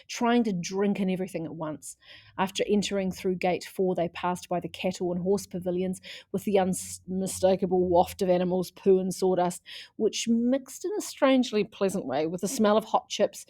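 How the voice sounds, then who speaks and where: A woman reading a children's chapter book aloud in a lively way, putting on voices for the characters. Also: on the low side, normal speed, no room sound, studio quality. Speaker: audiobook reader.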